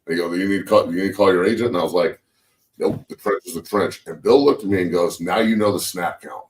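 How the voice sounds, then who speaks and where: A deep-voiced man in his forties swaps football stories in casual sports-show banter, cursing freely and acting out what coaches said. His voice sits a little back from the microphone. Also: quick pace, far from the mic, low-quality recording. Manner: profane, animated storyteller acting out quotes. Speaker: show host, former NFL lineman turned coach.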